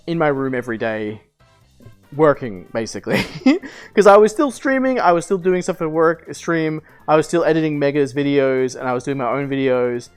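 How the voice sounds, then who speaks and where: This young streamer in his twenties has a clean-toned, medium-pitched voice. Chatting casually, he spins out a long personal story full of fillers, restarts and offhand swearing.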